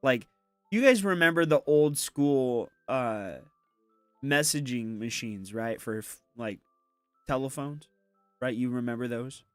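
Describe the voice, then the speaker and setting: A man's voice: mid-range voice, measured pace, smooth, dry recording, soft background music. A man co-hosting a stream in casual banter, often laughing.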